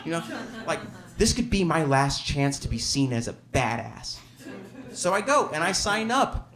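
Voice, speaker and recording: Brief: male storyteller from Alabama, slightly high voice, wry and self-mocking, live on stage. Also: animated, normal speed, fairly bright tone. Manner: wry, self-deprecating, chuckling. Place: theater stage.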